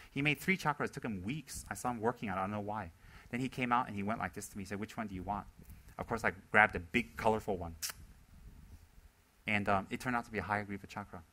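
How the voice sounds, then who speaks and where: A man's voice: fairly low pitch, bright, forceful tone, rough recording. A man teaching Buddhism in a loose, conversational talk, repeating words for emphasis and acting out the people he quotes. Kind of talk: informal dharma talk.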